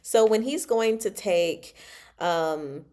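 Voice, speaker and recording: A woman's voice: medium pitch, takes it slowly, darkish tone. A woman hosting a casual book chat, bubbly and giggly as she retells a novel's scenes. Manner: bubbly, giggly, retells dialogue in playful voices.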